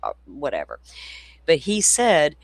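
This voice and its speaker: A man with a drawl talks casually to his viewers. He rambles through stories, laughs often and swears without a second thought. His voice sits a little high, and the recording is dry and close, with no room sound. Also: wildly swooping pitch, unhurried, gravelly, no room sound. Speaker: true crime livestream host.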